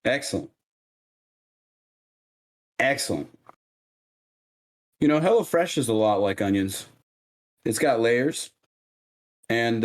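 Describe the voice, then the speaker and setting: Low-voiced man joking while cooking. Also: a little mellow. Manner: joking, self-mocking, unhurried. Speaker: streamer. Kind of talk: casual cooking stream chat. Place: home kitchen.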